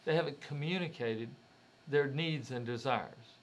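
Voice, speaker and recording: A man's voice: mid-range voice, measured pace, a little hiss or hum. A man giving a motivational talk, speaking directly to the listener in a conversational way and asking rhetorical questions.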